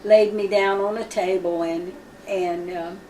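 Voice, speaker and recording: Female Bible study teacher, lively storyteller who acts out dialogue, recorded far from the mic in an echoey room. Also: medium pitch, measured pace, slight background noise. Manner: vivid, acts out quoted speech. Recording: roomy sound from a distant mic.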